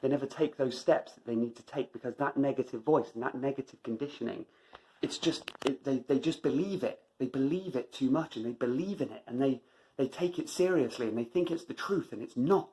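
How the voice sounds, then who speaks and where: A man's voice: mid-range voice, a little fast, darkish tone, slight background noise, poor audio. A man delivering an emphatic motivational monologue as a running vlogger, driving points home by repeating phrases.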